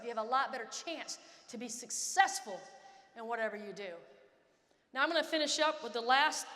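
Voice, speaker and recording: Woman in her fifties, motivational keynote, dramatic storytelling, high voice, long hall echo. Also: fairly bright tone. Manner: dramatic, acts out scenes and voices. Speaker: keynote speaker. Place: large conference hall.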